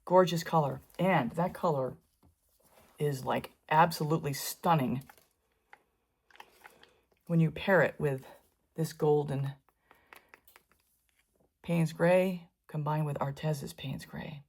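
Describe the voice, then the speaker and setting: Low-pitched, creaky, and husky with a darkish tone, this middle-aged woman takes her time and leaves long pauses as she teaches fluid art. Her painting tutorial narration is chatty and meandering, sprinkled with asides while she works.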